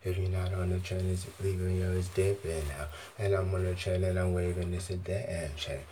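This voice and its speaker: A man's voice: low voice, level tone, moderate pace, mellow, a little hiss or hum. A man on an arena stage giving a profane, free-associating monologue into a handheld mic. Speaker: stage performer. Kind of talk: rambling freestyle monologue.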